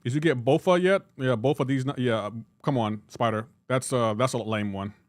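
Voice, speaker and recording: A young man live-streaming a mobile game, joking back and forth with his chat in a casual, animated way. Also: mid-range voice, normal speed, no room sound, studio quality.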